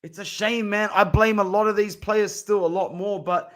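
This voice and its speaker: A man's voice: high-pitched, moderate pace. A young Australian man from Southwest Sydney, ranting in casual live-stream chat as a football fan streamer, swearing and saying bro. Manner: animated, swearing, ranting, calls viewers bro.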